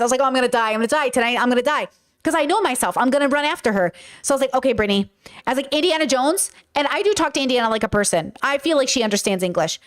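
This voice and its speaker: A young woman hosting a casual livestream, telling animated, profane stories and reading chat. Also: a little high. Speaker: streamer host.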